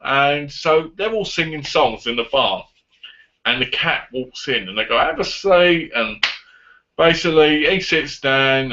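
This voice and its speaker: A man casually reviewing a film on his vlog, retelling the plot in an animated way and acting out the lines. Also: medium pitch, slight background noise. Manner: animated retelling with acted-out quotes. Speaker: movie reviewer. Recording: dull lo-fi audio.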